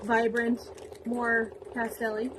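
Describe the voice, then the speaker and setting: A woman talks through an embroidery demo on a shop's livestream, unhurried and a little playful. Her voice sits on the higher side. Faint background noise sits under her. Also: monotone. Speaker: shop host demonstrating embroidery. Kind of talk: livestream product demo chat. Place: sewing shop studio.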